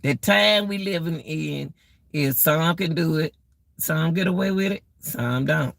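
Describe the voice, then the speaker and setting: Slow gravelly woman ranting to viewers. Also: low voice, no echo, clean studio sound. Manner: exclaiming, repeats herself, addresses viewers as y'all. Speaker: live-stream host. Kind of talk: casual live-stream rant.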